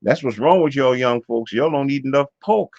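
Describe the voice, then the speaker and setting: A man's voice: medium pitch, moderate pace, a little mellow, dry recording, voice pushed up, close to an everyday voice. A man putting on a chiding old southern drawl. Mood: scolding. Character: older southern man scolding young folks. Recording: dull lo-fi dry sound.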